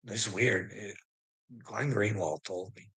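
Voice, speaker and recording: A man's voice: on the low side, slow, vocal fry, fairly bright tone, slightly rough. A man vlogging in a casual, rambling, profane rant, laughing often between his lines.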